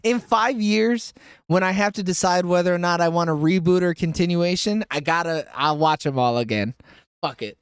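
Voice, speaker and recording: A man's voice: high voice, moderate pace, clear, resonant tone, no echo, studio quality. A man hosting a casual movie review podcast, laughing often and swearing freely as he asks the questions.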